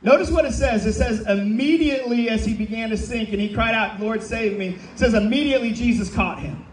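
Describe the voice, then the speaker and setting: Pastor guy preaching loud and emphatic, really high voice, echoey hall, a bit far from the mic. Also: a little fast, slight background noise. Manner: emphatic, calls out to the congregation. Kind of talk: sermon. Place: church sanctuary.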